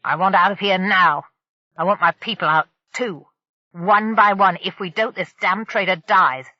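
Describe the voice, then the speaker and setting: A woman's voice: mid-range voice, normal speed, dry recording, muffled recording, natural voice. Woman voicing a snarling old pirate leader. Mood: threatening. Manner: snarling, threatening. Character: older male pirate leader, ruthless brawler.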